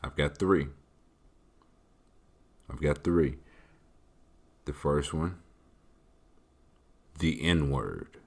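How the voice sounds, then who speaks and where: A man hosts a podcast with a low, deep voice. He answers listener questions in a casual, joking, animated way. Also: very slow, vocal fry, long pauses. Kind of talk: casual chat.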